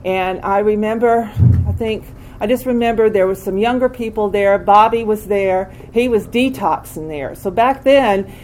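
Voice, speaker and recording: Older woman, candid recovery testimony, halting with restarts, average pitch. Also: a little mellow, slight background noise, poor audio. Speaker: speaker sharing a recovery story. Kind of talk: personal testimony.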